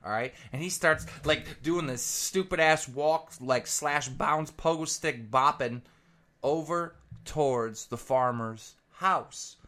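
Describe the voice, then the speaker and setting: A man commentator telling a rambling, profane comic story with animated energy. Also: fairly high pitch, takes it slowly.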